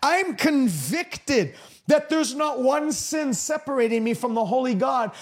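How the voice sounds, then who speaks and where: Slow, emphatic high-voiced male preacher. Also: expressive. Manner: emphatic, repetitive preaching cadence with stretched-out phrases. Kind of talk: broadcast sermon.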